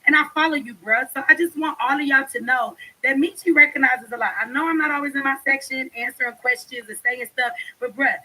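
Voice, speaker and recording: A young woman vlogger chats casually to camera, talking straight to her followers in a high, pushed, bright voice, fairly quickly with few pauses. She's blunt, laughs and swears a lot, and the recording is low quality.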